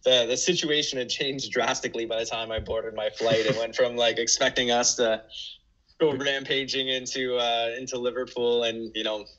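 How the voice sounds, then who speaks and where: A man's voice: mid-range voice, steady tone, moderate pace, a bit bright, muffled recording. A man co-hosting a fan podcast. He tells long, earnest stories about matches. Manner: earnest, long-winded storytelling. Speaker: podcast co-host. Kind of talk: casual fan podcast chat.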